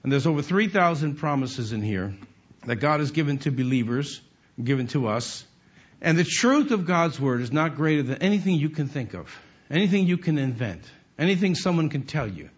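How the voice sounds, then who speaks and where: A man's voice: fairly high pitch, sing-song, normal speed, husky, dull audio. A man preaching a sermon, emphatic and repetitive as he works through numbered points. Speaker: pastor.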